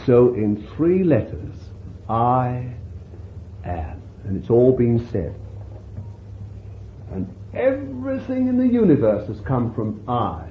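A man preaches slowly, his pitch rising and falling freely as he muses over his text. The recording is thin and phone-like, with a roomy echo around his voice. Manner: slow, unhurried preaching with lively pitch and warm chuckles. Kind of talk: sermon. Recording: roomy, tinny phone-like sound with faint hiss.

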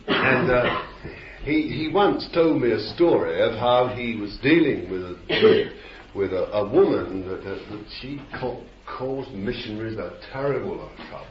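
A male preacher giving a rambling sermon, repeating words and rising to sudden shouts. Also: fairly low pitch, lively intonation, normal speed. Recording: roomy, dull, slightly noisy old recording.

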